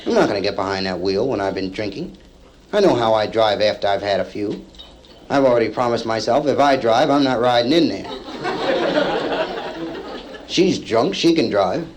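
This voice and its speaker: A male stand-up comedian telling a story to a live audience, acting out the people in it with lively punchlines, from an old vinyl comedy album. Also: medium pitch, background noise. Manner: acts out characters in the story, lively punchline delivery. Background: audience laughter.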